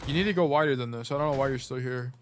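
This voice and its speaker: A man's voice: medium pitch, racing, a little hiss or hum. A man coaching a player through gameplay footage in a casual, blunt way, often repeating short commands. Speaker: game coach.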